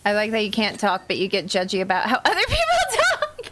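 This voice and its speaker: A woman's voice: medium pitch, huge pitch swings, fast, bright, forceful tone. An American woman chatting casually and giggling while streaming a game, with lots of "like" fillers. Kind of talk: casual live-stream chat.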